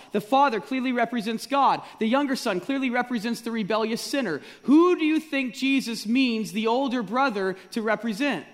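A man preaching a sermon to his congregation, asking rhetorical questions and repeating key phrases for emphasis. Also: very high-pitched. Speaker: pastor. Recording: long reverb of a large hall.

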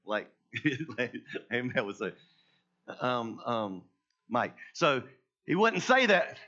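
Emphatic preaching man, slightly high voice. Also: big pitch swings, slow, dull audio. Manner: emphatic preaching that swings between hushed and loud. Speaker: pastor. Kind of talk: sermon.

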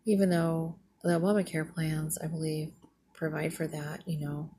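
A woman's voice: sits low, flat delivery, normal speed, mellow, a little hiss or hum. A middle-aged woman, a former nurse, venting indignantly in a casual monologue and retelling conversations. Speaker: retired nurse vlogger.

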